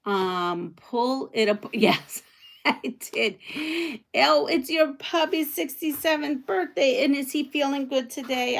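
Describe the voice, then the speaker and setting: A woman's voice: sits high, takes it slowly, vocal fry. A woman hosting a quilting livestream from home, chatting casually with viewers and thinking aloud as she sews. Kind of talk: casual live chat while sewing.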